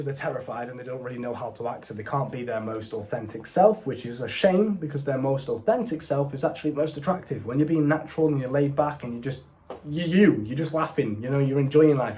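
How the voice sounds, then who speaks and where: A warm, on-the-high-side voice belongs to a young man coaching dating from a seat indoors. He speaks straight to camera in a casual, blunt way and keeps calling the viewer bro.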